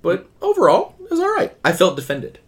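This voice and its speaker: A man co-hosting a casual podcast chat, animated and quick to put on goofy voices. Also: sits high. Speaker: podcast co-host.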